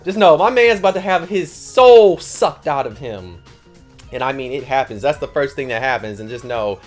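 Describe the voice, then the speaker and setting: A man recapping a manga in a casual, slangy way, his voice sitting at an ordinary pitch. He gets animated and loud when something excites him. Faint music plays quietly behind him. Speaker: manga reviewer.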